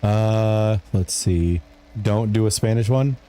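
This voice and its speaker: A man's voice: on the low side, takes it slowly, warm tone. A man streaming a video game live, chatting casually and joking in a rambling way as he answers his chat.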